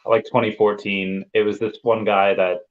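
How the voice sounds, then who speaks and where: A man's voice: fairly low pitch, little pitch movement, normal speed. A man in his thirties hosting a podcast, telling rambling stories full of fillers. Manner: rambling storyteller, many fillers. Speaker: podcast host. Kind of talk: casual chat. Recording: muffled lo-fi sound.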